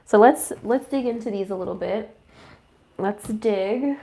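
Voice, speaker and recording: A young adult woman reading tarot in a casual, chatty forecast, talking through a stuffy, congested nose with fillers and quick self-corrections. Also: mid-range voice, vocal fry, warm tone. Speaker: tarot reader.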